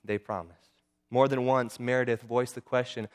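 A man's voice: mid-range voice, steady tone, moderate pace. A man narrating a true-life story in an earnest way, now and then stumbling and repeating words.

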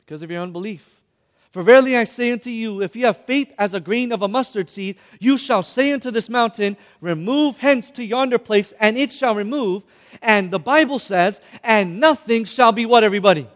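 A young man preaching a sermon, animated and calling on his listeners to answer back. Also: sits high, normal speed. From Hispanic background. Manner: animated, calls on the audience to respond. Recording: long hall reverb.

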